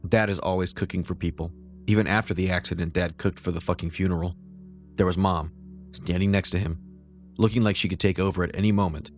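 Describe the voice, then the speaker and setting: A man hosting and narrating a first-person short story in a measured, wry way. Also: deep voice. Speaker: host and storyteller.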